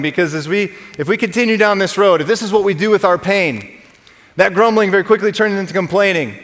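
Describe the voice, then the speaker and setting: A man in his thirties delivers a sermon with a high, bright-pitched voice. He speaks conversationally, repeating words when he restarts and joking with the congregation. The sound carries a long echo from a large church hall. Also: a little fast. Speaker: pastor. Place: church sanctuary.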